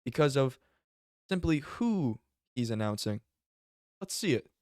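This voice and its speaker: A man giving casual reaction commentary on fights, excitable and profane, often bursting into exclamations. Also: medium pitch, unhurried, no room sound, clean studio sound. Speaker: MMA commentary YouTuber.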